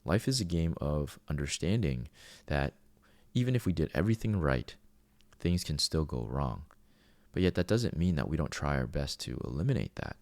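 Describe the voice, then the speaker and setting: A man's voice: very deep voice, big pitch swings, moderate pace, creaky, a little mellow, no room sound. A man in his thirties hosting a podcast, talking earnestly in a casual monologue and often restarting his sentences. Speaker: podcast host.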